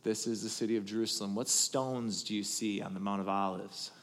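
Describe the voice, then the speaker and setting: A pastor with a lowish voice preaches a little fast, telling his congregation a story with animated build-ups that move from forceful, loud passages to hushed asides. His voice carries a long reverb tail.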